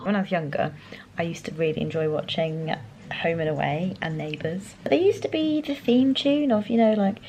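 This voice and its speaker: A young woman chatting casually in a weekly vlog, rambling with lots of "like", sometimes mumbling softly while she eats. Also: lowish voice, moderate pace, roomy sound, faint music behind, poor audio. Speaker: vlogger.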